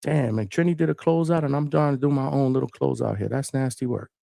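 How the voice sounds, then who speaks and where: A man's voice: medium pitch, quick pace, gravelly, mellow, no echo, studio quality. Laid-back, profane male stream host. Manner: laid-back, profane, fills lines with "man" and "bro". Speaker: host of a boxing call-in show. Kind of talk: casual live-stream monologue.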